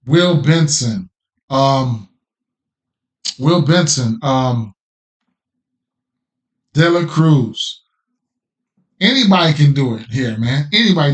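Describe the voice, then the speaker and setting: A man hosting a sports betting podcast, talking through his picks in a loose, slangy way, often repeating himself and checking in with "right?". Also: on the high side. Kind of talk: casual betting picks talk.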